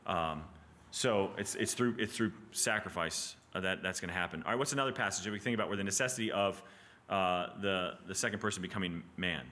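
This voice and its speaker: Bright-voiced man teaching Bible class. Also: sits low, brisk, slight background noise. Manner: animated, with frequent "right?" and restarts.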